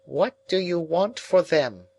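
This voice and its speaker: A man doing a high, strained old woman. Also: animated, slow, darkish tone, breathy edge, no echo, full character voice. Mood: probing. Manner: probing, insistent questions. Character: stern, eccentric old rich woman.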